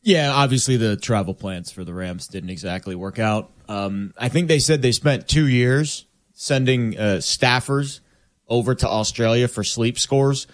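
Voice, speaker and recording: A man's voice: mid-range voice, a little slow. Rambling male sports panelist. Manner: rambling, fond of homespun comparisons. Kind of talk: casual sports debate.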